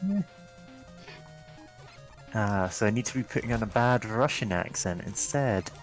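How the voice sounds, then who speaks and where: A man's voice: lowish voice, soft background music. A man joking around with friends on a game stream. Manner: slow, joking. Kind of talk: casual gameplay chat.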